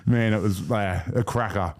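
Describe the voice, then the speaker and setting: An Australian man on a podcast, telling a story quickly with swearing and laughs. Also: lowish voice. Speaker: podcast co-host. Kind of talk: casual chat.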